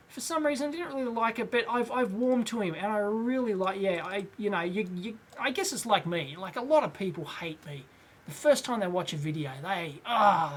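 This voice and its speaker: A middle-aged Australian man hosting a casual live question-and-answer show, rambling with many fillers and frequent chuckles. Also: extremely high pitch. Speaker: host.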